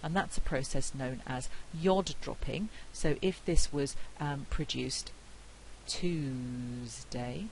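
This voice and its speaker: A woman's voice: low voice, a little mellow, a little hiss or hum, poor audio. Woman lecturing on phonetics, British accent. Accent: British English. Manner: clear, measured explanation with spoken pronunciation examples. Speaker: university lecturer.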